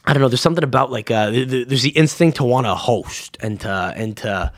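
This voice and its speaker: Podcast host guy, rattles off stories quick, swears a ton, mid-pitched voice. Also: no room sound, clean studio sound. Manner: profane, animated storytelling. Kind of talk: casual chat.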